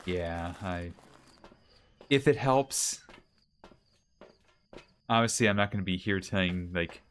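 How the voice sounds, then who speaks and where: A man's voice: low-pitched, slow, fairly bright tone, a little hiss or hum. A man streaming a ghost-hunting game, chatting casually with viewers and asking the ghost questions, with mild allergies. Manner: chatty, talks to himself and chat, asks the ghost questions.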